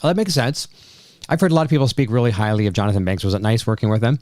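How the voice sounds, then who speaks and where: A man's voice: mid-range voice, very fast, darkish tone, no echo. A man hosting a casual interview, giving short reactions and reading listener questions aloud. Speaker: interview host.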